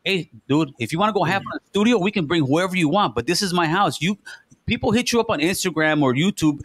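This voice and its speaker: Fast-talking man, heated. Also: high voice, lively intonation, a bit bright, breathy edge, dry recording. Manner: fast, accusing, profane, repeats himself. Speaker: podcast host. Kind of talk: heated confrontation.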